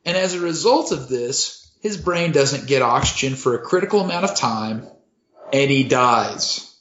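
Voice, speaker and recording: Comedy podcast host, man, deadpan and crude, roomy lo-fi mic. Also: mid-range voice, measured pace. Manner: deadpan, profane, mock-serious. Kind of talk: casual comedic storytelling.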